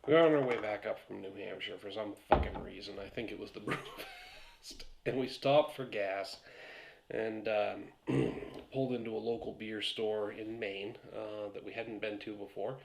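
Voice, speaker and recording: A man's voice: fairly low pitch, huge pitch swings, moderate pace, creaky, a little hiss or hum. A man rambling casually through a beer review vlog, a few beers in and swearing now and then.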